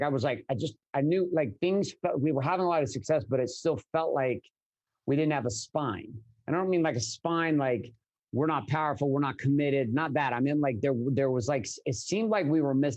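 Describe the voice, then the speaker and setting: A man in a casual podcast interview who talks in a rush of energetic, blunt sentences. He swears freely and keeps restarting his thoughts, his voice sitting at an ordinary middle pitch. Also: poor audio. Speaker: podcast guest, business coach.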